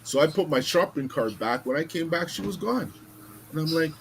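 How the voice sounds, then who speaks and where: A man hosting a podcast, telling a story in an animated, casual way, with some swearing. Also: a little high, normal speed, heavy background noise. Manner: animated, swearing, acts out voices in stories. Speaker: podcast host.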